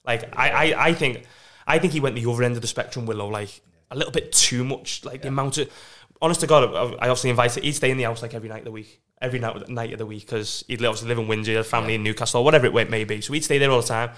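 A man with a Northern English accent telling stories in casual podcast chat, excitable and laughing often. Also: medium pitch, rapid-fire, few pauses. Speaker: podcast guest.

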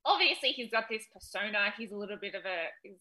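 Bright, chatty Australian woman. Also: mid-range voice, animated, quick pace. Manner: chatty, hesitant fillers, laughs while telling stories. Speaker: guest wrestler. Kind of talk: casual interview chat.

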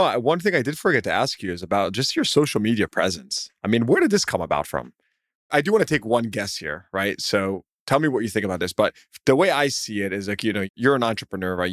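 A male podcast host talks in a relaxed, friendly way and gives his own guess before asking his guest. His voice is low. The recording is dry, with no room echo. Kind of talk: casual interview talk.

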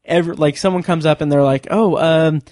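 Rambling man, higher voice, chatty. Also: fairly even intonation, fast talker, a little mellow, dry recording, clean studio sound. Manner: rambling, many fillers and restarts, laughs often. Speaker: podcast co-host. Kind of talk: casual podcast chat.

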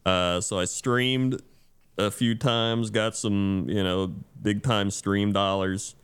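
A man's voice: fairly low pitch, fairly even intonation, slow pace, fairly bright tone, clean tone. A man co-hosting a casual podcast, laid-back, mostly giving short reactions. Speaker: podcast co-host.

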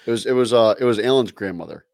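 A man's voice: fairly low pitch, quick pace, creaky, a little mellow, no room sound, studio quality. A man co-hosting a casual sports podcast, laid-back, using fillers as he reels off stats and rumors. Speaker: podcast co-host.

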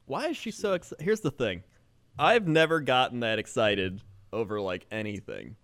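A man's voice: medium pitch, sing-song, moderate pace, fairly bright tone, no room sound. A man chatting casually on a podcast with dry, understated humor.

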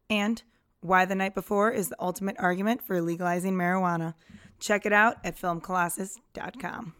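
Brisk woman reading a sponsor message. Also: medium pitch, dry recording, studio quality. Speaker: sponsor read announcer. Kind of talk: scripted ad read.

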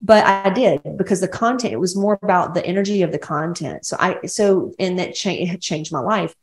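A woman's voice: fairly low pitch, a little fast, roomy sound, slight background noise. A woman from West Georgia with a Southern accent hosting her own podcast, talking bluntly and rambling, with plenty of swearing. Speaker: podcast host, women's coach. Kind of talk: casual solo podcast monologue.

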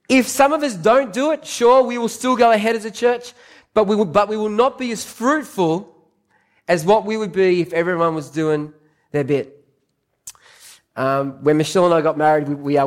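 High-voiced Australian pastor preaching. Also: male voice. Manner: anecdotal, repeats key phrases for emphasis. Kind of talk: sermon. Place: church service.

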